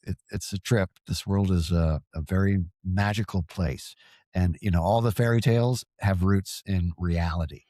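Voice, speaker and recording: Man with a very low voice, earnest rambling guest, stammered restarts, dry close sound. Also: normal speed, warm tone, no room sound. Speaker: podcast guest, paranormal field researcher. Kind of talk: casual podcast conversation.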